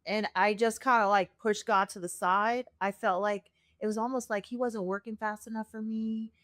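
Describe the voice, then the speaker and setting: A woman's voice: medium pitch, moderate pace, no room sound, clean studio sound. Earnest woman telling her testimony. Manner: earnest, animated, acts out quoted voices. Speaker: podcast guest sharing her testimony. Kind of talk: emotional personal storytelling.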